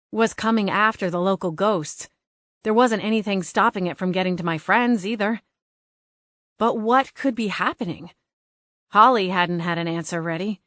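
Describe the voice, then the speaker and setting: A woman narrating an audiobook in first person with an expressive, dialogue-driven reading. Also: medium pitch, dry recording, studio quality.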